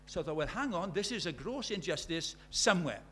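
A man's voice: high voice, very animated, fairly quick, pushed and bright, husky. A middle-aged British man delivers a sermon in a slightly raised voice. He tells stories and plays the people in them, then presses his listeners with rhetorical questions. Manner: storytelling, acting out dialogue, rhetorical questions. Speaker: preacher.

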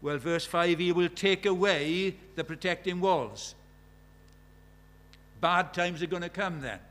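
High-voiced preacher. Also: male voice, slow pace, a bit bright. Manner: conversational, asks the congregation many questions; recites scripture with rising force. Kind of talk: sermon.

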